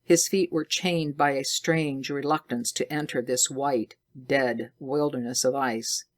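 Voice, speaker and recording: A woman reading a science fiction story aloud slowly and deliberately for English learners. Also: very deep voice, fairly even intonation.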